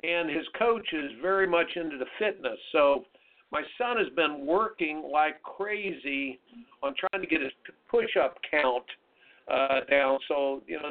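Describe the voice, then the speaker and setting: A man's voice: on the high side, moderate pace. A man hosting a radio talk show, telling stories in an emphatic, folksy, motivational way. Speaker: radio show host and tennis coach. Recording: narrow phone-like radio sound.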